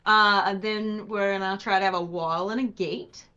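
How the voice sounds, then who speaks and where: A woman's voice: medium pitch, steady tone, normal speed, sharp tone, clear, resonant tone, highs cut off. A woman co-hosting a live stream, chatting casually, reading viewer questions and trailing off as she searches for words.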